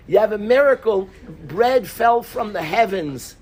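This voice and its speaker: A man teaching a lively Talmud class in a synagogue, quizzing his students by name and mixing in Hebrew and Yiddish terms. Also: sits high, a little slow.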